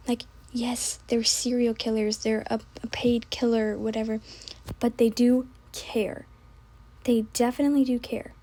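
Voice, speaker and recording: A young woman in casual, scattered chat, often trailing off, restarting and dropping to soft asides. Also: a little high. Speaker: book vlogger. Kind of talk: casual rambling chat while gaming.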